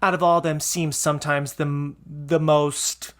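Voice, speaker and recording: A man's voice: on the high side, flat delivery, measured pace, a bit bright. A middle-aged man hosting a podcast, chatting casually and gushing with enthusiasm, full of fillers. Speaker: podcast host. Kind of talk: casual chat.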